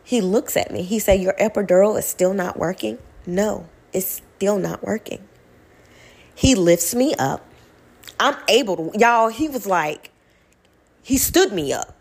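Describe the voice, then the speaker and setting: A young woman, telling a personal story to her viewers in a blunt, animated way, swearing freely. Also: medium pitch, measured pace, gravelly, slightly rough.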